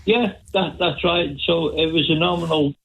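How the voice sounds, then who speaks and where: A man's voice: fairly high pitch, moderate pace, creaky, a bit bright, husky. A man calling in to a radio show, chatty and cheerful, rambling a little as he talks. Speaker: caller. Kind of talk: phone-in call. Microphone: telephone line. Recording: tinny phone line.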